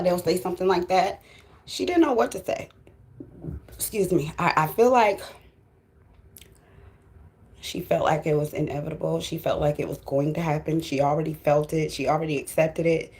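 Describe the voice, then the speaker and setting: A woman's voice: deep voice, moderate pace, pauses often, a little mellow. A woman giving a spiritual tarot reading, emotional and fighting back tears while she talks casually to her viewers. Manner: addresses viewers directly and casually. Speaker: tarot reader.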